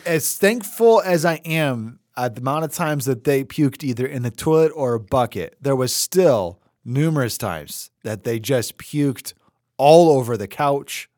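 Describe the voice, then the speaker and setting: A man in his thirties, co-hosting a podcast in casual chat, animated and laughing, slipping into other voices as he tells stories. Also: mid-range voice, a little slow, no echo, clean studio sound. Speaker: podcast co-host.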